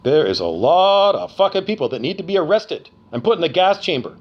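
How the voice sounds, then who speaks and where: A man's voice: on the high side, very animated, brisk, highs cut off. Profane, furious middle-aged man ranting. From Canada. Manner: profane, accusatory, repetitive. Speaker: vlogger. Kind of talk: angry rant to camera.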